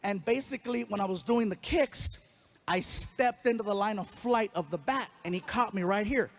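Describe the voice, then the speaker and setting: Male stand-up comic, unusually high voice, animated storyteller, live theater stage. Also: normal speed. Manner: animated, acts out voices of others. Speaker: stand-up comedian.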